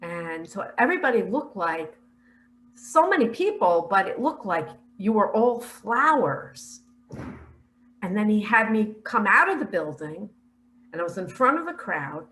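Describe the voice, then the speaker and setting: An older woman earnestly recounting a spiritual vision in a slow, heartfelt, emotional way. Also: medium pitch, a bit bright, slight background noise, low-quality recording. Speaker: spiritual speaker sharing visions.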